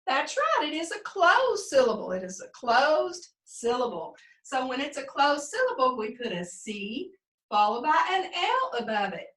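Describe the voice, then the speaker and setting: A woman teaching first grade phonics, prompting young pupils and slowly sounding out words in a sing-song way. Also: sits high, very animated, a bit bright. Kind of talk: remote phonics lesson for young children. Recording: echoey room, mic at a distance.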